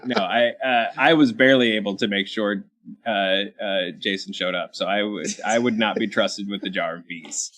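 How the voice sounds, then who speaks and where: A man's voice: on the low side, fairly even intonation, normal speed, a bit bright. A man hosting a casual entertainment panel show, rambling and joking at his own expense. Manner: rambling, self-deprecating. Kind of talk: casual chat.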